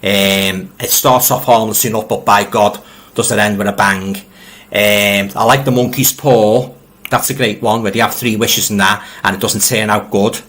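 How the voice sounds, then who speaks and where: A man's voice: on the low side, steady tone, normal speed, a bit bright. A middle-aged man with a Liverpool accent hosts a casual live stream. He reads out viewer comments, rambles, and often repeats words as he restarts. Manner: friendly, addresses viewers directly. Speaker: livestream host reading viewer comments.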